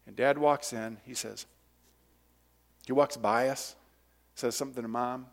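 A man preaching a sermon, telling a childhood story with lively voice and acting out the shouted moments, then leading a prayer. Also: medium pitch, a little slow. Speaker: pastor. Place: church sanctuary.

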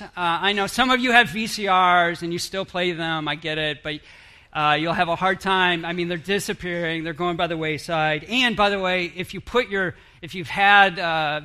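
A middle-aged man talks to a live audience in a loose, conversational way. His voice sits high for a man and sounds sharp and bright. He keeps asking the crowd questions and restarting his sentences. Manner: chatty, rambling, self-interrupting, asks the audience questions. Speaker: speaker addressing an audience. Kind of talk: interactive audience talk.

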